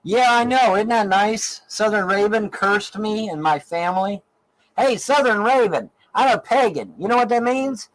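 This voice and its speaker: A man's voice: sits high, animated, moderate pace, low-quality recording. A middle-aged man from Ohio ranting angrily in a profane, repetitive stream monologue. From Ohio, USA. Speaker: online show host in archived clip.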